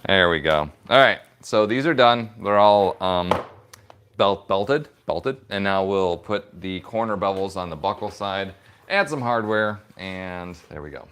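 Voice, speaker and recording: A man's voice: low voice, expressive, unhurried, noisy background. A man hosting a leather crafting stream, chatting playfully and giggling as he rambles through his work in a workshop. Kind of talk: casual chat while crafting leather.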